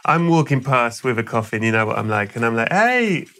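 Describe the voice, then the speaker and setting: A man's voice: mid-range voice, fast, fairly bright tone. A man hosts a chat podcast, telling a ridiculous made-up tale with comic timing. His voice sits in a middle register, and his delivery rambles and stumbles playfully. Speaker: podcast host. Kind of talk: comic storytelling in conversation.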